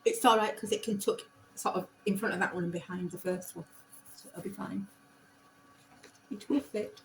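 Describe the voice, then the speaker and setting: A woman with a Yorkshire accent, a crafting teacher chatting, teasing gently and reassuring. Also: medium pitch, steady tone, moderate pace, a little hiss or hum. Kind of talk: casual chat. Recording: echoey room.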